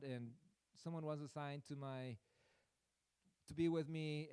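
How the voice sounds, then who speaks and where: A man's voice: a little high, darkish tone, clean tone, no room sound. A man preaching a sermon through a personal story, in a rambling, self-deprecating way with many fillers.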